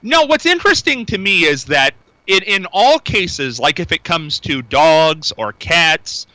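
Chatty bright-voiced male radio host. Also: on the high side, big pitch swings, measured pace, dry recording, rough recording. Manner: chatty, rambling with fillers, repeats phone number. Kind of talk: casual call-in radio talk.

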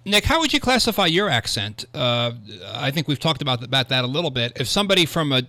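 Bright-voiced radio host. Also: male voice, medium pitch, dry recording. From Ohio, United States. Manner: curious, asks questions. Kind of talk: casual radio chat.

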